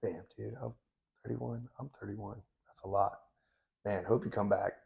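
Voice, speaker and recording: Here a thirties-aged man talks at normal speed in a lowish, steady, gravelly voice that stays mellow. He tells stories as a guest in a casual interview, laid-back and blunt, swearing often.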